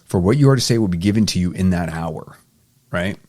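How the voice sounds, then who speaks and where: Low-voiced guy walking thru bible verses, reads a verse then explains it real casual. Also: animated, a little fast, darkish tone. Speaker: Bible teacher. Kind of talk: casual Bible study walkthrough.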